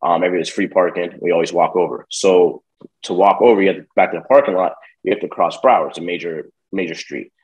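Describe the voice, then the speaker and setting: A man's voice: sits low, a little fast, rough recording. A young man casually telling a long personal story, swearing often and acting out the people in it. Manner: profane, streetwise, animated retelling. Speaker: podcast guest.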